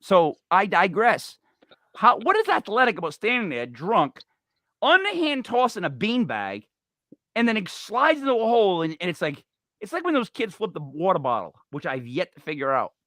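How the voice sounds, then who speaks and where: Male talk host, lively and bright, dry close sound, rambling and joking, high voice. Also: normal speed, dry recording. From Italian-American. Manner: animated, digressive, joking. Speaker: podcast host. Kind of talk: rambling comedic talk show chat.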